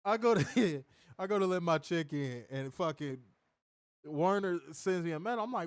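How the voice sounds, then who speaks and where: A man's voice: high-pitched, animated, normal speed, clean tone, dry recording. A young man co-hosting a casual review show over a call, laughing hard and talking loose and profane. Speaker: podcast co-host. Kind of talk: casual chat.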